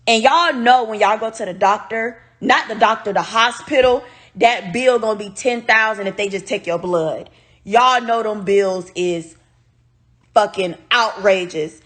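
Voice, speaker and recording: A woman telling her viewers a personal story, animated and blunt, swearing freely and sounding upset and near tears. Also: mid-range voice, a little slow. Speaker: vlogger.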